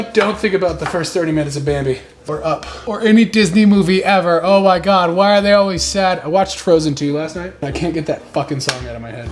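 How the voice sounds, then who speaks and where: A man's voice: on the high side, fairly quick, over music. A man in his twenties hosting a casual cooking tutorial in his home kitchen, joking, swearing and poking fun at himself as he goes. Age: 20s. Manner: joking, profane, self-mocking. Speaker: cooking vlog host.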